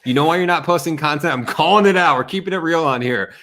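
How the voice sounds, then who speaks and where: A man's voice: on the high side, quick pace, pushed and bright. A man, a guest on a live stream, giving a fired-up motivational talk that bluntly calls out excuses over a video call.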